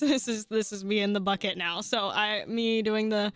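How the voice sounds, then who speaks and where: A young woman telling a personal story in a casual, animated way, swearing freely, laughing often and restarting her sentences. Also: mid-range voice, moderate pace, clean tone, no room sound, faint music behind.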